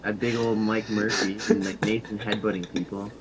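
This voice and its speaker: A man's voice: flat delivery, moderate pace. An Irish man raging and swearing constantly while gaming over voice chat. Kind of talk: casual profane gaming chat. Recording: loud noisy low-quality voice chat.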